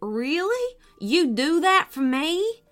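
Woman voicing a weary middle-aged farmer, storybook; slow, mournful, bright and swooping. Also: on the high side, very animated, full character voice. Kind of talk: children's storybook reading.

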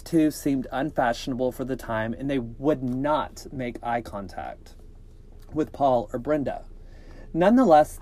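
A man's voice: mid-range voice, warm tone. Laid-back man reading a scary story. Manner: reads with small slips and asides, joking. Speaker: podcast host reading scary stories. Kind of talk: casual storytelling read-aloud.

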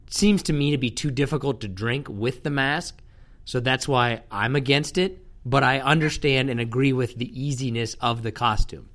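A man hosting a relaxed podcast conversation, his voice at an ordinary middle pitch. He talks in a dry, teasing way, poking fun at his co-host. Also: moderate pace. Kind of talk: casual chat.

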